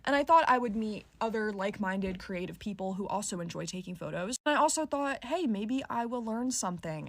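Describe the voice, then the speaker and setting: A woman's voice: mid-range voice, a bit bright, no room sound. A woman in her twenties telling a story in a casual, exasperated, venting way. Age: 20s. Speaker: college student storyteller.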